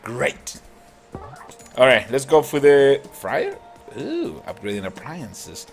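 A man hosting a gaming channel, chatting excitedly and laughing as he comments on a mobile cooking game. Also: medium pitch, slow, gravelly. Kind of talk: casual gameplay commentary. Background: game music.

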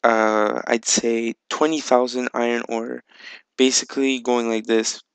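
A man chats loosely over his game footage, full of ums and easy swearing. His voice has a gravelly edge but stays smooth and clear. It sounds close and dry, with no room around it. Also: medium pitch, steady tone, unhurried, no echo, low-quality recording. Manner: rambling, filler-heavy, swears casually. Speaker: video game channel host. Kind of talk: casual gameplay vlog chat.

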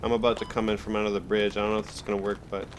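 Canadian guy gaming, lowish voice, chill, curses a lot, noisy game sound behind. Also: rapid-fire. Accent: Canadian English. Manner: relaxed, swears often. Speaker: gamer recording gameplay. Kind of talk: casual squad voice chat.

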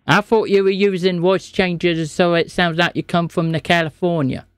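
A man's voice: sits high, little pitch movement, normal speed, clear, resonant tone, dry recording. A man streaming a scam-bait phone call, feigning confusion and playing dumb with the caller. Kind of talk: prank call.

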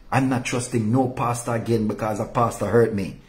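A male pastor delivering an impassioned, rebuking sermon, dropping low and soft to drive points home. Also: fairly even intonation, brisk, few pauses.

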